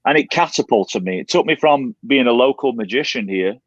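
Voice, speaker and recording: Animated English man in his forties. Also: mid-range voice, a little fast, no room sound, dull audio. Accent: English, Yorkshire-born, with a slight Canadian twang. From England. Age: 40s. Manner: chatty, animated storyteller with many restarts. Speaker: guest. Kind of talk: casual livestream chat.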